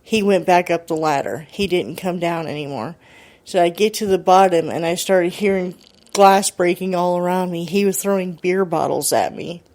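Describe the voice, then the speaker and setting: A woman's voice: on the low side, normal speed, a little mellow. A woman radio host retelling a listener's ghost story, quoting her line by line in a chatty way. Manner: chatty, quotes the caller line by line.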